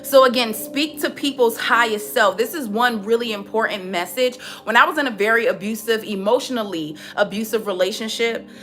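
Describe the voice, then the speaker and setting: A young woman talks through a spiritual reading in a loose, frank manner, stumbling and repeating words when she gets going. Her voice is bright and a little high, with faint music playing underneath. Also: brisk, few pauses. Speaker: tarot reader. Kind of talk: spiritual reading, casual monologue.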